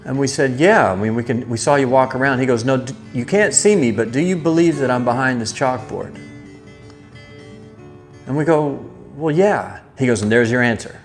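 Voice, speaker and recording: A man's voice: mid-range voice, normal speed, soft background music. A man hosting a live stream, casually telling a childhood story and reading chat comments, acting out the voices he quotes. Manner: animated, acts out quoted voices. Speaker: livestream host.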